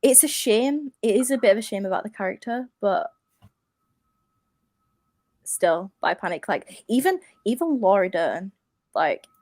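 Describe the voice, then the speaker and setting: A young woman guest on a casual podcast, animated and sometimes losing her train of thought. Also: mid-range voice, unhurried, long pauses, dry recording. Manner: animated, trails off searching for words. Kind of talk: casual chat.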